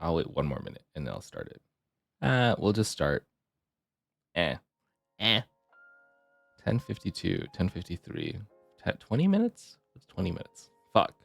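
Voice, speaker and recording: A male streamer chatting casually and rambling with his viewers, his voice deep and gravelly from the morning, keyboard clicks on a desk mic. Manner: rambling, chatty, self-deprecating. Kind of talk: casual live-stream chat. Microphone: desk mic, keyboard clicks audible.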